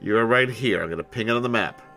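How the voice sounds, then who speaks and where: A man's voice: fairly low pitch, fast, sharp tone, soft background music. A man running a tabletop game as game master, casual, joking and often swearing.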